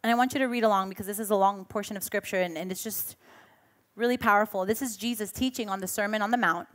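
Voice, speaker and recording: A woman preaching a sermon, telling a personal story with lively acted-out voices and laughing at herself. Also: mid-range voice, fast talker.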